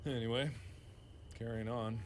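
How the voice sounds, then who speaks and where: A man's voice: medium pitch, fairly even intonation, unhurried, a little hiss or hum. A man playing a horror game and talking to himself, chatty and joking as he explores. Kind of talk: casual solo game commentary.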